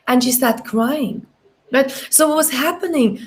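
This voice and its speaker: A woman life coach speaks on a live stream, moving through client stories in a lively, persuasive way. Her pitch leaps up and drops low as she makes her points. She checks in with listeners again and again through short tag questions. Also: a little slow. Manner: animated storytelling, big pitch swings, frequent tag questions. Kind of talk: live-streamed motivational talk.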